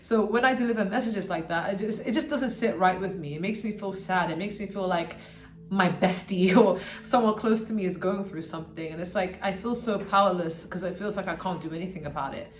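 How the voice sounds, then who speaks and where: A woman's voice: mid-range voice, a little fast, roomy sound, soft background music. A woman giving a pick-a-card tarot reading to her viewers. She talks in a rambling, earnest way and keeps checking in with "okay?". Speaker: tarot reader.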